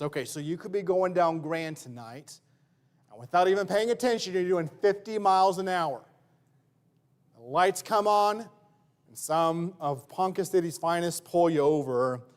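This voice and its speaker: A man's voice: sits high, clean tone. A male pastor preaching a sermon in church, conversational and full of everyday examples.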